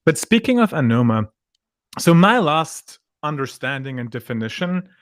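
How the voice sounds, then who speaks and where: A man's voice: on the high side, big pitch swings, moderate pace, no echo, studio quality. A man hosting a podcast, asking questions in a conversational, slightly hesitant way. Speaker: podcast host. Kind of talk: casual interview chat.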